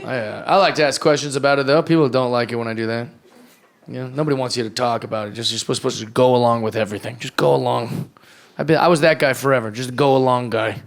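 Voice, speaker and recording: A man in his thirties performs a stand-up set live on a club stage with a handheld mic, audience laughter in the background. His medium-pitched, gravelly voice holds a steady tone at a quick pace as he rambles loosely and acts out voices.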